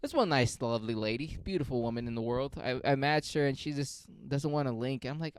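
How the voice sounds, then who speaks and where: A young man talks off the cuff and rambles, swearing freely and making fun of himself. His voice is smooth and clear, and it sits at an ordinary middle pitch. The recording is dry and close, with no room sound. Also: a little fast, few pauses, no room sound. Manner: profane, rambling, self-mocking. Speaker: podcast host. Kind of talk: casual solo monologue.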